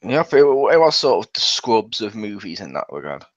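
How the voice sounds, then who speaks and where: A man chatting casually in a film review, joking, swearing freely and acting out scenes in quick little voices. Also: lowish voice, sing-song, no room sound. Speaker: movie reviewer. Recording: dull lo-fi dry sound.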